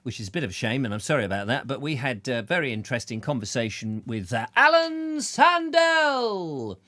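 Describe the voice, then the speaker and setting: A man's voice: mid-range voice, fast, fairly bright tone, no echo. A man hosting a live chat show, greeting viewers by name in a rambling, jokey way full of silly asides. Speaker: show host.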